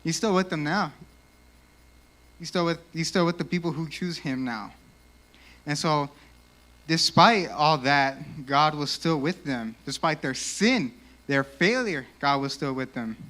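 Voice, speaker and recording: A young man giving a casual, animated youth sermon in a church, peppered with "like," and a little out of breath. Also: a little high, unhurried. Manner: casual, animated, lots of 'like'. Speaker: youth speaker.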